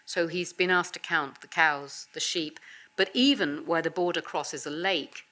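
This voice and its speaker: A woman leads a university seminar, her voice lower than most and distinctly bright and clear. She talks conversationally, pausing with "um" and correcting herself as she goes. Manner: conversational, with fillers and self-corrections. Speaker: visiting professor giving a lecture. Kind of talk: academic seminar talk.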